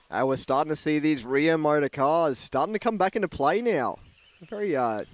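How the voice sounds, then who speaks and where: A man giving steady play-by-play commentary on a radio-controlled car race, reading out lap times and gaps. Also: medium pitch. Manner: steady, informative calling of laps and gaps.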